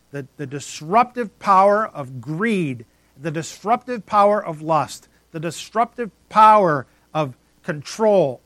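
Emphatic preacher man, higher voice. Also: no echo. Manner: emphatic, rising and dropping to near silence for effect. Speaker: pastor. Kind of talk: sermon.

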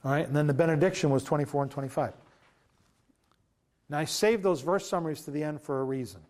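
A pastor preaching a sermon in an earnest, conversational way, often pausing with fillers and restarting his sentences. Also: a little high, darkish tone.

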